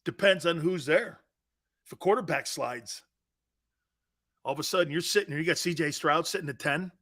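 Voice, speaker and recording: A middle-aged man hosting a sports talk show, telling self-mocking stories in a lively, animated way. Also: fairly high pitch, moderate pace.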